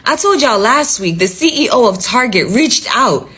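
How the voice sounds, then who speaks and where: A woman speaks to her followers in a blunt, profane rant, hammering home her points and repeating them for emphasis. Her voice is husky and a little breathy, and her pitch swings widely as she talks. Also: very animated, normal speed, a bit bright. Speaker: social media commentator. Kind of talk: casual vlog rant.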